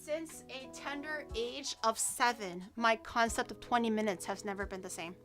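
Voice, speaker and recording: A woman streamer telling stories in casual chat, animated and laughing often. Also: a little high, moderate pace, music in the background.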